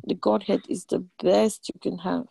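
A woman preaching a sermon, animated and emphatic, repeating lines and jumping in pitch. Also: normal speed, creaky, slightly rough, dry recording.

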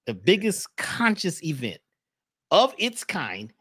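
A man's voice: high voice, huge pitch swings, takes it slowly, fairly bright tone, breathy edge, no room sound, studio quality. A man talking in a passionate, preacherly way in a casual chat. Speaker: guest speaker.

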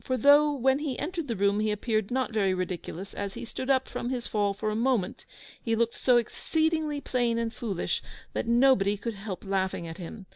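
A woman's voice: a little high, no echo. Woman reading a children's audiobook. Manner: measured, expressive storytelling. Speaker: narrator.

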